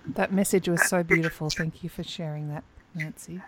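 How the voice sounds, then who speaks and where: A woman host with a fairly low voice speaks softly and appreciatively to her guest. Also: fairly even intonation, normal speed.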